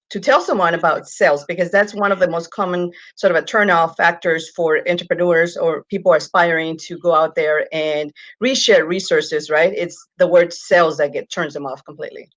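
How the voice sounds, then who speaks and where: A woman hosts a radio interview in a fairly low voice. Her sound is dry and close. She asks long, winding questions padded with fillers. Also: dry recording. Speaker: radio host.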